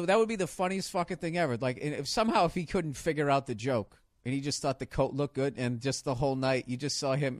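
Guy ranting on his podcast, cussing a lot, kinda high voice, loud bursts. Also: no echo, studio quality. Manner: profane, rambling storytelling with loud excited outbursts. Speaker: podcast host. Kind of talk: casual comedic monologue.

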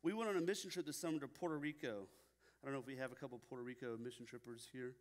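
A man's voice: mid-range voice, racing. A young man preaching a sermon at a church, telling stories casually with many fillers. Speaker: pastor. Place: church sanctuary. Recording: long reverb in a hall.

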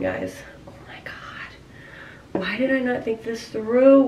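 A woman's voice: mid-range voice, very animated, normal speed, warm tone, slight background noise. A woman making a casual vlog at home, gasping and exclaiming, often dropping to a half-whisper. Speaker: vlogger. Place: bathroom at home. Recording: echoey room, voice a bit far from mic.

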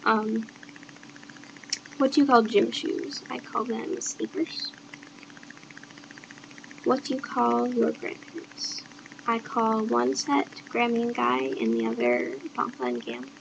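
Young woman from Maine, slightly high and gravelly, unhurried, casual hesitant vlogger over faint noise. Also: expressive, muffled recording. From Southern Maine, United States. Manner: reads questions aloud then answers offhand, hesitant with fillers. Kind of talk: casual accent-challenge video.

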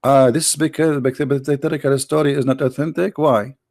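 A man's voice: a little high, fairly even intonation, quick pace, vocal fry, darkish tone, no echo, clean studio sound. A man hosting a heated call-in debate, insistent and sarcastic, pressing with repeated questions and cutting in. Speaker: debate host.

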